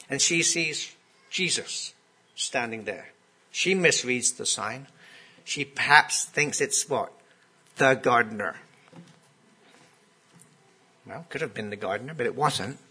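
A man's voice: mid-range voice, animated, a little slow, pushed and bright, slightly rough. A man preaching a sermon in a conversational way, often putting questions to his listeners.

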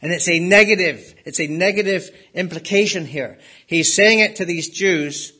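A man preaching a sermon, emphatic, rising for stress and dropping low at the ends of points. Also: normal speed, bright, forceful tone, slightly rough. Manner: emphatic, rises and drops sharply for stress. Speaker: pastor.

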